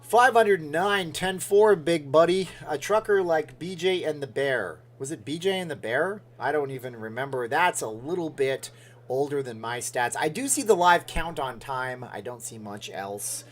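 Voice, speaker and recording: A man's voice: mid-range voice, animated, normal speed. A man hosting a casual livestream, rambling and joking as he reads out viewer comments. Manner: rambling, jokey, responds to chat. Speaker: livestream host. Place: Las Vegas.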